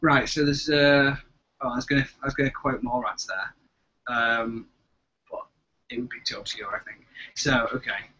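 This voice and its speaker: Co-hosting a casual live video chat, a man rambles through stories and keeps interrupting himself. His mid-range voice has a sharp tone and little pitch movement, with a moderate pace and frequent pauses. The webcam audio is dull and lo-fi.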